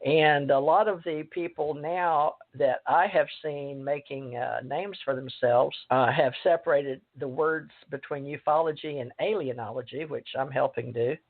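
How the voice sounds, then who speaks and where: A woman hosting a radio show, talking in a rambling, hesitant way with many pauses. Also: deep voice. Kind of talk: casual radio talk. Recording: tinny phone line.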